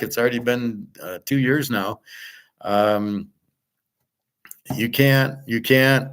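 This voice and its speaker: A man talks in a loose, rambling monologue as the host of his own show. He is blunt and profane, often restarting his sentences and trailing off into fillers before pressing his point again. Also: on the low side. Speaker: podcast host and betting tipster.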